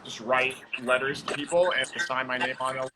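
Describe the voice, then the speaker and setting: A man guesting on a casual live-stream chat, talking easygoingly with halting restarts. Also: mid-range voice, steady tone, heavy background noise. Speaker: guest, drummer. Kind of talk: casual video-call chat.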